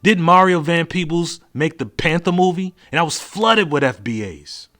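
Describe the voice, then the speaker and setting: A man's voice: fairly high pitch, animated, normal speed, a bit bright. A man hosting his own podcast in a blunt, profane solo monologue full of rhetorical questions. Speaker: podcast host.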